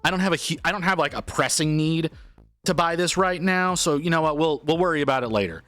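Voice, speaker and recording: A man talks to his stream chat in a bright, forceful voice, rambling through an everyday story full of restarts and quoted asides. Faint music plays under him. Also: on the high side, fast talker.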